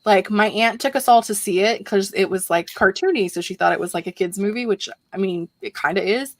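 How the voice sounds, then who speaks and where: A woman's voice: mid-range voice, brisk, no echo. A young adult woman chatting casually on a video call, rambling animatedly with lots of fillers. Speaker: livestream host. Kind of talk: casual group video chat.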